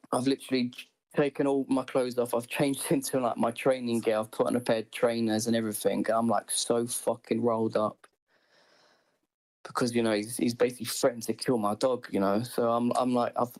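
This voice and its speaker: A man's voice: medium pitch, a little mellow, poor audio. A man telling a long personal story in casual chat, rambling with many restarts.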